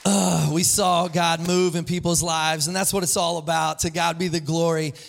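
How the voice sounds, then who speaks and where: Man, lead pastor, high voice, upbeat live sermon, asks the congregation questions, church sanctuary. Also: little pitch movement, moderate pace, vocal fry, soft background music.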